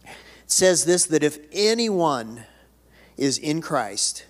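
An older American pastor preaches in a church sanctuary, starting folksy and conversational before building to emphatic declarations. His somewhat high voice is sing-song and unhurried, and the hall's reverb trails after every line.

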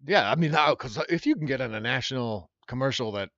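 A man's voice: mid-range voice, fast talker, no echo. Rambling male comedian with a dull sound. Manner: rambling, loose and animated, lots of fillers. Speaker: comedian guest. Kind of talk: casual storytelling chat.

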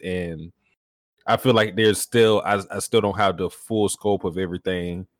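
Male podcast co-host, lowish voice, dry close sound, measured delivery. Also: dry recording. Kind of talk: casual chat.

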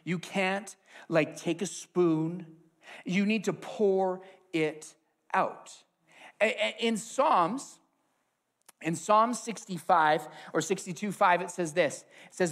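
A man preaching a sermon with an object lesson, swinging between hushed asides and loud emphasis. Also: high voice, slow.

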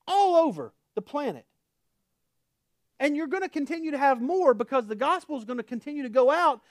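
A pastor with an Oklahoma accent preaches a casual, folksy sermon in a church sanctuary, his pitch swinging up and down with real animation. He slips into chatty asides and laughs at himself. The recording is close and dry, without room echo.

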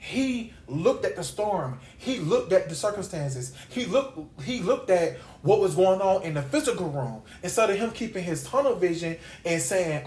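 A man's voice: high-pitched, sing-song, normal speed, few pauses, a little mellow. A man hosting a Bible study podcast, preaching in a casual, conversational way and repeating phrases for emphasis. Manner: conversational, with slangy asides. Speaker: podcast host and Bible teacher. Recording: roomy echo.

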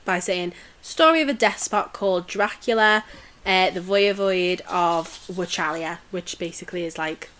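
A woman's voice: fairly low pitch, moderate pace, a bit bright. Chatty woman telling history stories. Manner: chatty, many fillers and restarts. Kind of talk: casual chat.

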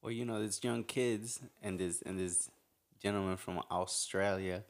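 A man's voice: low voice, fairly even intonation, a little slow. A man joining a casual round-table talk, hesitant and searching for his words. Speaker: podcast guest.

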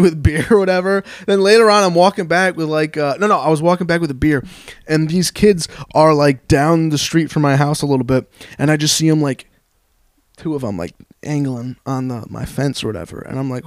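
A man's voice: a little high, clean tone, dry recording, clean studio sound. A young man co-hosting a podcast, rambling through stories with plenty of swearing and acted-out voices. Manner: rambling storyteller, swears a lot, acts out voices. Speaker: podcast co-host. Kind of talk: casual chat.

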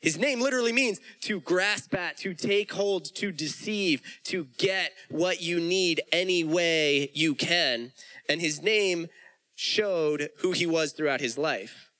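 A man's voice: fairly high pitch, slow, bright, forceful tone, rough recording. A man preaching a sermon, retelling the story in casual everyday speech with frequent restarts.

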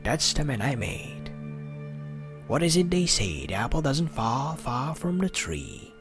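A man's voice: medium pitch, very animated, measured pace, music in the background. A man performing an impression of a furious son ranting at his absent father, using a put-on Welsh accent that wanders into other accents and swearing bitterly. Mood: bitter fury. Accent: put-on Welsh accent that drifts to other accents. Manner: snarling, swearing, bitter taunting. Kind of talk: monologue impression of a film role.

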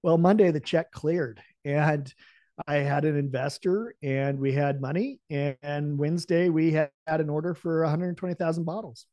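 Man, podcast guest, storytelling, acts out dialogue, slightly higher voice, dry close sound. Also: normal speed, dry recording. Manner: animated, acts out the dialogue of his story with lively laughs. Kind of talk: telling a personal story in an interview.

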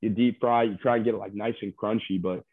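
A man's voice: fairly low pitch, fairly even intonation, fast, no echo. A man who was a reality show contestant, chatting casually and rambling loosely with lots of fillers as he is interviewed over a call. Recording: dry tinny phone line.

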